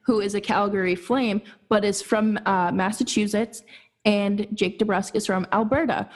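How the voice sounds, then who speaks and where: A young woman co-hosting a casual sports podcast, chatty and quick to laugh, with lots of fillers. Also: medium pitch, steady tone. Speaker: podcast co-host.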